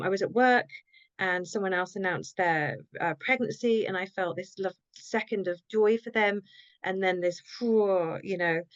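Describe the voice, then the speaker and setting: A woman's voice: mid-range voice, dry recording. Reflective woman recounting her story. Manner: reflective, halting, often quoting her own thoughts. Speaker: author and interview guest. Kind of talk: personal storytelling in a conversation. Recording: dull lo-fi sound, dry.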